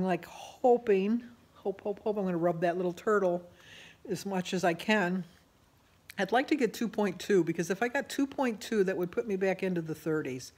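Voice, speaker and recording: A woman's voice: on the low side, darkish tone. An older woman, chatting casually and rambling in a self-deprecating way in her home kitchen for a diet vlog. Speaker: vlogger.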